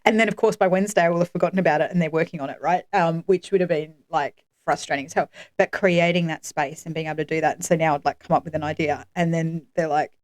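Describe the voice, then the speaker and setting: A woman's voice: sits low, steady tone, quick pace, hardly any pauses, a little mellow, dry recording. A woman co-hosting a podcast, chatting casually with lots of fillers and easy laughter. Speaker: podcast co-host. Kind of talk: casual chat.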